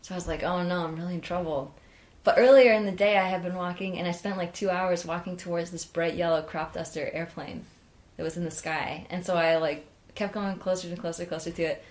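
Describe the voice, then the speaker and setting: A young woman talking in a loose, chatty way, full of "like" and trailing restarts. Her voice sits a little low, but it leaps up when she acts out her own excited reactions. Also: a little fast. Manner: chatty, animated, many "like" fillers, jumps high acting out her own reactions. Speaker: interview guest. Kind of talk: casual storytelling.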